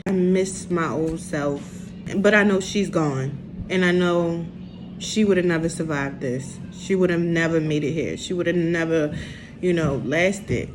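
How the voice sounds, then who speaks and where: A young woman, speaking slowly and haltingly in an emotional confessional vlog. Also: lowish voice. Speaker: vlogger.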